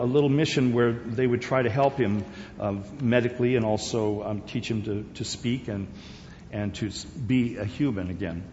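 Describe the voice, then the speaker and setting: Man raised in Asia, relaxed rambling talk to a group, long hall reverb, muffled sound. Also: medium pitch, slight background noise. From Korea, Borneo and Singapore. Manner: rambling, conversational, with many fillers and restarts. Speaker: speaker. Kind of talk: informal personal talk.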